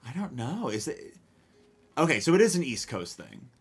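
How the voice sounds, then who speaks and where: A man's voice: mid-range voice, very animated, normal speed, husky. A man live-streaming a cozy game, chatting casually and answering chat in a rambling, self-questioning, wry way with casual swearing. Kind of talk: casual gameplay chat, reading chat.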